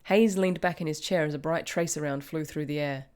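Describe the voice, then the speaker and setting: Woman, story reading, deep voice, casual asides. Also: a little fast, darkish tone, clean tone. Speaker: host.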